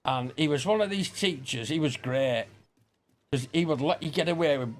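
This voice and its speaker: A man's voice: mid-range voice, expressive, normal speed, slight background noise. Swearing man telling stories. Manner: swearing, rambling anecdotes with quoted exchanges. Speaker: gaming streamer. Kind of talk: casual storytelling over gameplay.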